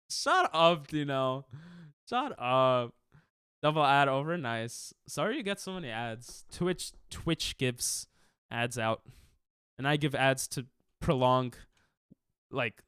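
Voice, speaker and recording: A man's voice: mid-range voice, animated, slow pace, long pauses, fairly bright tone, smooth, dry recording, clean studio sound. A male streamer in casual chat with his viewers, defensive and laughing, rambling with restarts.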